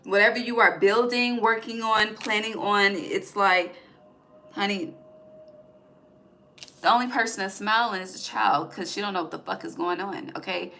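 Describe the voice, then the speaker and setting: Bright-voiced, blunt, profane woman tarot reader. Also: medium pitch, steady tone, normal speed, gravelly. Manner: blunt and profane, tags lines with "okay?". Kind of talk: casual tarot reading monologue.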